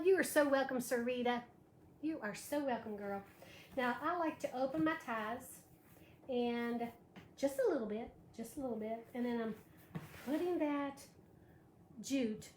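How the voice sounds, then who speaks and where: A woman hosting a live wreath-making tutorial, chatty and gushing as she greets viewers by name. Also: high-pitched. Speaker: live craft show host. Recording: echoey room with faint background noise.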